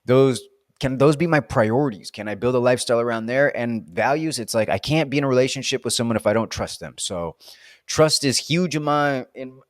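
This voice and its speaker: Standing indoors while filming a casual solo vlog, a man speaks in an expressive, medium-pitched voice at a fairly quick pace, with clean studio sound and no room echo. He rambles through reflective questions, talking to himself playfully and self-deprecatingly.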